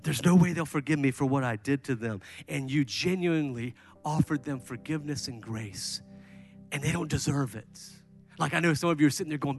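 A man delivers a sermon from the pulpit in a slightly high, lively voice. He slips into other people's voices to make his points, and soft music plays faintly behind him. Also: normal speed. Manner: animated, mimics people with raised voice. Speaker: pastor.

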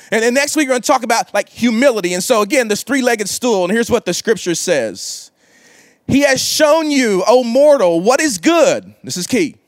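Guy preaching online, real high voice, dry close sound, super casual and slangy. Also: no room sound. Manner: casual, slangy, calls for viewer responses. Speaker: pastor. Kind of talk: livestreamed sermon.

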